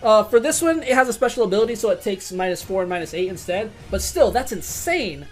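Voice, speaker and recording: A woman running a tabletop game as game master, excitable and swearing, swinging from quiet to loud. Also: medium pitch, a little fast, faint music behind.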